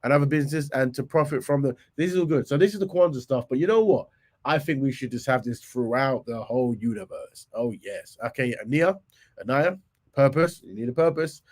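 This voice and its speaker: A man hosting a live stream sounds hoarse and has a cold; his medium-pitched voice is fairly quick and a little mellow. He talks casually, reading points aloud and letting muttered asides trail off.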